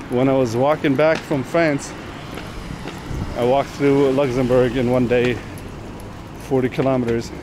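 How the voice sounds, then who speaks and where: A man's voice: medium pitch, background noise. Man rambling aloud on a walk. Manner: rambling, musing aloud, swears freely. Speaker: vlogger on a long walk. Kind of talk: casual walking vlog monologue. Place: outdoors on town streets while walking.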